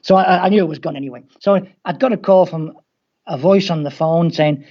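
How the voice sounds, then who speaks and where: In a dull, lo-fi interview recording, a football coach from England with a Scouse accent shares wry stories, performing the voices of those he quotes. His warm-toned voice sits a little high and runs a touch fast.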